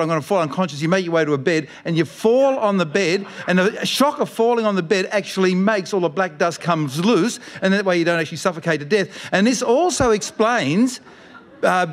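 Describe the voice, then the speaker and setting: A middle-aged Australian man with a fairly high voice reads his own comic story to a live audience. He rambles through it, dropping deadpan asides and jokes between the lines. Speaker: writer reading his story.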